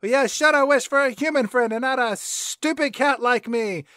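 A man's voice: extremely high pitch, normal speed, pushed and bright, no room sound, studio quality, voice pushed up. A man voicing a crude, contemptuous female cat who hurls insults, in a comic movie recap. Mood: mocking. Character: foul-mouthed scornful female cat. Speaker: podcast co-host.

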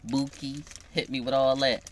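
A man's voice: medium pitch, flat delivery, moderate pace, slight background noise. A young man, teasing his girlfriend in a casual vlog chat. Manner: playful teasing, loud bursts. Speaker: vlogger.

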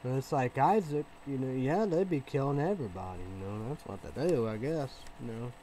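A man in a casual vlog monologue, rambling and repeating himself, with many fillers and restarts, swinging between low mumbling and loud outbursts. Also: animated, fairly quick, a little hiss or hum, low-quality recording. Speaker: vlogger.

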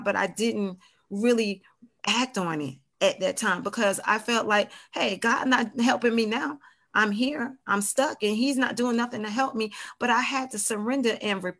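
A woman's voice: medium pitch, a bit bright. Earnest woman sharing her testimony. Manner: earnest, addresses listeners directly as "you guys"; emotional, candid storytelling. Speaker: domestic violence survivor guest. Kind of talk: personal testimony on a podcast.

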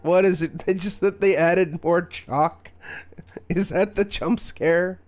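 A man's voice: sits high, fairly even intonation, slow. A man streaming a horror game, giving sarcastic, mock-scared commentary and swearing freely. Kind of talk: live gameplay commentary.

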